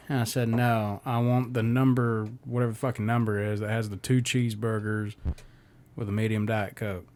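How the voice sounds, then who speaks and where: A man's voice: lowish voice, steady tone, moderate pace, a little mellow, slight background noise. A man co-hosting a comedy podcast, ranting profanely through a story. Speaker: podcast co-host. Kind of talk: casual comedy podcast chat.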